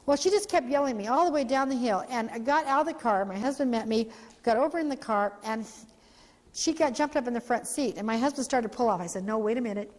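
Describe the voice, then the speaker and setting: A woman, an organization's founder, giving an animated storytelling talk for a training video, acting out the voices she quotes. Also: a little high, fast, big-room sound.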